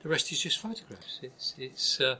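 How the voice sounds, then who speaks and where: A man's voice: medium pitch, sing-song, normal speed, bright, forceful tone, slight background noise. An older man with a Cockney accent, talking bluntly and emphatically as an interview guest, often restarting his sentences. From East London, England. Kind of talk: candid interview talk.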